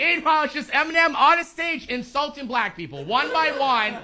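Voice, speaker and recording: Sarcastic high-voiced male comic. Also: big pitch swings, fairly quick, few pauses, a loud crowd, heavy background noise. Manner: sarcastic, dry. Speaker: stand-up comedian. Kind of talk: stand-up set.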